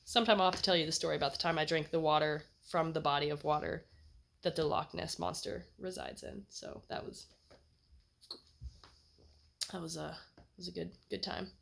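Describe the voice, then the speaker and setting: A young American woman telling a personal story in a chatty, animated way, laughing as she goes. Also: low voice, moderate pace, creaky, pauses often, slight background noise. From United States. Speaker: vlogger. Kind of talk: casual storytelling.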